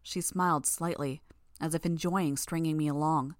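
A woman narrating fiction in the first person, in a measured, tense way. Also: deep voice, steady tone, no echo, studio quality. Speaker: audiobook narrator.

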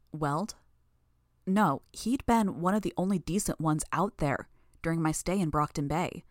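A woman's voice: low voice, unhurried, no echo, studio quality. A woman narrating a fan audiobook in the first person, tense and intense. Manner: tense, intense, building anger.

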